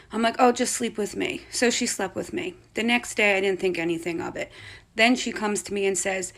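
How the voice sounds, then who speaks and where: A woman, a mother, telling a spooky story about her young daughter in a chatty, animated way. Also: medium pitch, a little fast. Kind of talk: casual storytime.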